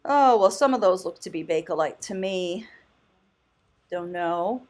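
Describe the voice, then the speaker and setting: A woman vlogging casually as a thrift host, chatty and enthusiastic, often exclaiming and thinking out loud. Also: fairly low pitch, expressive, unhurried. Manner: muses aloud, thinking out loud. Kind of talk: casual vlog commentary.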